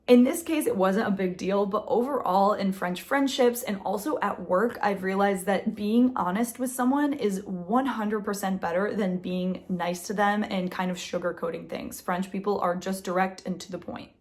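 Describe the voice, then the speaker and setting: A young American woman giving advice in a casual vlog, chatty and quick, often acting out quoted dialogue with jumps in pitch. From United States. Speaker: vlogger. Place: apartment in Paris.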